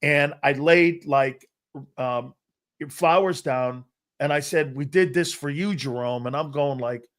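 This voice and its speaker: A man's voice: on the high side, takes it slowly, a bit bright. Older man hosting a sports talk show. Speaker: host. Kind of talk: casual chat.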